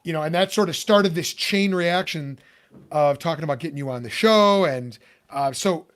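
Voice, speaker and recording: In a casual podcast interview, a male host from Chicago rambles along with many fillers and restarts. His voice is on the high side and a bit bright, at a normal speed.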